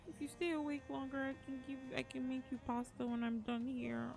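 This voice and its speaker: A woman with a slightly high voice chats through a live gaming stream, emotional and given to repeating pleading phrases as she plays. Game music plays clearly behind her, and she talks from a home streaming setup. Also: fairly even intonation, a little fast, few pauses.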